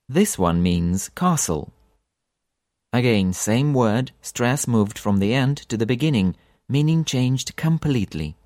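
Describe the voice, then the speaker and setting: A man teaching a language lesson for an audiobook, repeating example words slowly with long drawn-out vowels. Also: mid-range voice, darkish tone, dry recording, clean studio sound.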